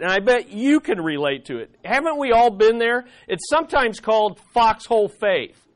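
A pastor delivers a sermon with a notably high-pitched voice. He tells stories in a lively, conversational way and speaks directly to his congregation. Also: normal speed. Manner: animated storytelling preacher.

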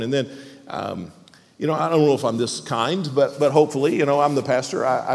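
A man's voice: medium pitch, fairly quick, vocal fry. A man, a pastor, preaching a sermon with emphasis, often repeating words as he presses a point. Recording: long hall reverb.

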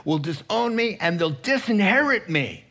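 Preacher doing a young man, worried, pleading, defensive, a bit higher. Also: sing-song, normal speed, fairly bright tone, heavily acted. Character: worried young man torn about faith.

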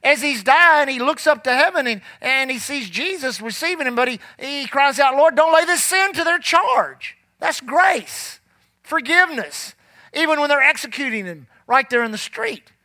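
A man preaching with folksy emphasis, drawing out the scripture he reads aloud. His voice sits high and bright. The sound is dry, with no room echo. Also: expressive, normal speed. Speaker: pastor. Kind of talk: sermon.

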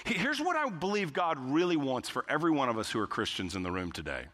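Guy preaching in a big echoey church, really lively up-and-down delivery, bright voice. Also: fairly high pitch. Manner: emphatic, repeating key phrases. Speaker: pastor. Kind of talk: sermon. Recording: long hall reverb.

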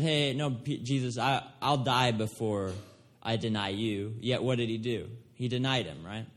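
Earnest young man preaching. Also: a little high. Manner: earnest, emphatic preaching with restarts and "right?" asides. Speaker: pastor. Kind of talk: sermon.

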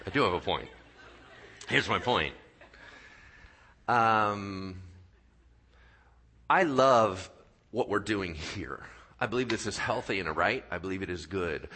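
A male pastor preaching a sermon in church, telling stories with acted-out voices and dropping to quiet, earnest tones for his key points. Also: low voice, slow pace, long pauses. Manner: animated storyteller, acts out voices and sound effects. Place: church sanctuary.

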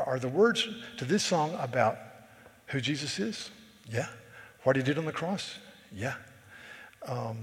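A man preaching a sermon as pastor, shifting from conversational asides to forceful emphasis. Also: a little high. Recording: reverberant hall.

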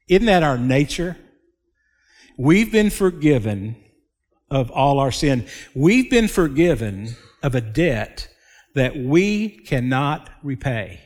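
A man preaching a sermon as a pastor, slow and emphatic, with dramatic pauses. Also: mid-range voice, a little mellow. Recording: long hall reverb.

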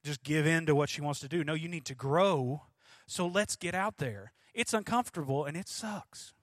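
A man, preaching a sermon in an animated storytelling way. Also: a little high, normal speed, dry recording, clean studio sound. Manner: animated storytelling, emphatic, voices his daughter and himself. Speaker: pastor.

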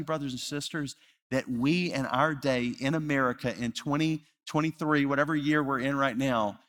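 A male pastor preaching a sermon, earnest, rising to loud emphasis and dropping to hushed, slow repetition. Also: medium pitch. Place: church sanctuary. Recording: reverberant church hall.

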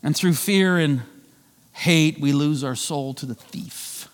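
A male pastor delivering a sermon, swinging between loud emphatic lines and quiet drawn-out phrases. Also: in a large hall. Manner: preaching with wide swings of pitch and volume, slowing for emphasis.

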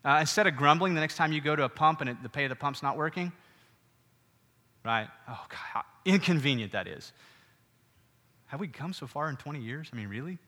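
A middle-aged man giving a sermon as pastor, conversational and animated, with frequent asides to the congregation. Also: fairly high pitch, brisk, long pauses. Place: church hall. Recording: reverberant church hall.

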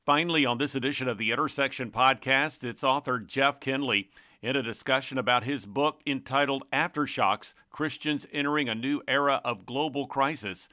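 A man hosting a podcast, reading a smooth, announcer-like introduction. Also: medium pitch, bright, forceful tone, dry recording, studio quality. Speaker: podcast host.

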